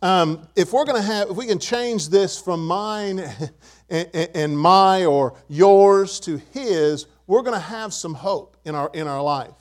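A man's voice: high-pitched, unhurried. An older man preaching a sermon to his church, emphatic and repeating key words. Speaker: pastor.

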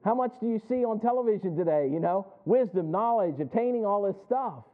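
Expressive and fairly quick, a pastor with a high-pitched voice gives a sermon in church. He jokes in a folksy way and keeps asking the congregation questions. The sound is tinny, as if over a phone.

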